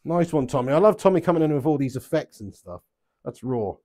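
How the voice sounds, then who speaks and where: Animated, brisk and warm, this slightly high-voiced man plays darts live from his home setup. He reads out viewer chat and keeps up the banter, joking, swearing freely and laughing plenty.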